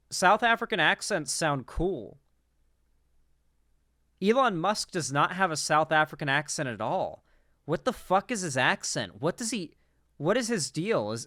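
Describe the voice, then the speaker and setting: A man's voice: fairly high pitch, very animated, takes it slowly, pauses often, bright, forceful tone, dry recording, clean studio sound. A young man giving casual, profane, incredulous reaction commentary on a political clip.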